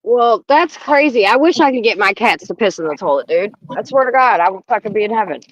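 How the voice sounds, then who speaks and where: A woman's voice: medium pitch, expressive, brisk, no room sound. Middle-aged woman, chatty storyteller, dry lo-fi video call sound, casual swearing. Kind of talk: casual chat. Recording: dull lo-fi call audio.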